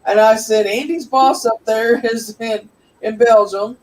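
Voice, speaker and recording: A woman's voice: on the high side, steady tone, unhurried, darkish tone, recorded from a distance, rough recording. An American woman telling a chatty story with frequent laughs on a live stream. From United States. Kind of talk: casual chat.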